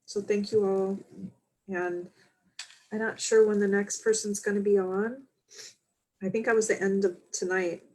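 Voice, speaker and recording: Soft-spoken tired woman medium. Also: mid-range voice, fairly even intonation, poor audio. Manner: soft, heartfelt, halting with fillers. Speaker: spiritual medium hosting a livestream. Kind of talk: casual livestream talk.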